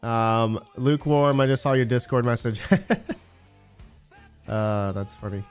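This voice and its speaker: This crypto mining channel host has a clear, resonant, medium-pitched voice and talks at a normal speed over soft background music. He rambles casually on his livestream, hunting for words, dropping plenty of fillers and responding to chat messages.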